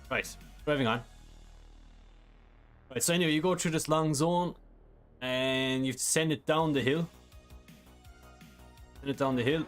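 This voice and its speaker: Casual guy streaming a racing sim, lots of ums, faint music behind. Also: medium pitch. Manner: casual, rambling, many fillers. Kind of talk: live game stream, reading chat.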